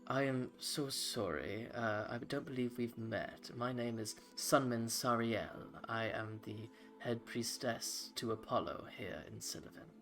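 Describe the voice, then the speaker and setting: A man voicing a soft-spoken, formal female elf high priestess. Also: measured pace, few pauses, faint music behind. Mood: hushed formal. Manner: hushed, formal.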